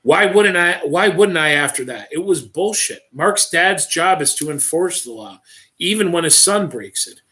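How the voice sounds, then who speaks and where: A man's voice: a little high, animated, normal speed, pushed and bright. A man reading aloud, voicing a spirited, outspoken teenage girl with a blunt, indignant way of talking.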